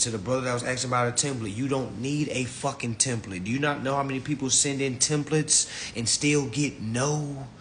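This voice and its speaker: A man hosting a live class, blunt and profane, talking down to his listeners with mocking scorn. His voice sits at an ordinary middle pitch, with a faint low rumble behind it. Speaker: online finance class host. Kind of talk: ranting live-stream talk. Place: live stream from home.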